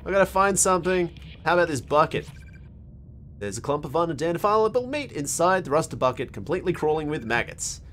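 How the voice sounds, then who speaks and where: A man's voice: on the high side, sing-song, a little fast, fairly bright tone, slight background noise. Wry Australian man streaming a game. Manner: wry and jokey. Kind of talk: casual gameplay commentary and reading game text aloud. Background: faint game music.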